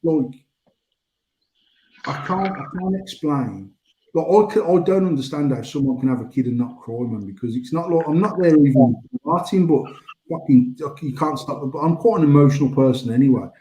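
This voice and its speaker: A man's voice: on the high side, normal speed, mellow, reverberant, rough recording. A British man in his forties telling rambling stories in casual banter, swearing freely. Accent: British English. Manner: rambling storytelling, frequent swearing. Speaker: podcast host.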